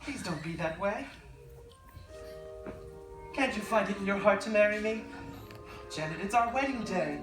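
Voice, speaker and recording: A woman's voice: medium pitch, lively intonation, moderate pace, pauses often, distant mic, lightly acted. A woman on stage playing an earnest young groom who pleads with his bride. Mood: pleading. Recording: echoey theater from afar, music behind.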